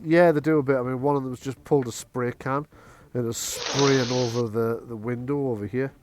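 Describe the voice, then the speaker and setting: A man's voice: medium pitch, fairly even intonation, normal speed, a little mellow. Man game master narrating. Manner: hesitant, many ums and restarts.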